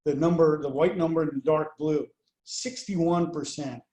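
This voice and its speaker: Guy walking through poll numbers, lots of uhs, warm mellow voice, kinda high pitched, roomy sound. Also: steady tone. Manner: measured, reads out numbers with many "uh" and "um" fillers. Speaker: pollster presenting survey results. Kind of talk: presentation over slides.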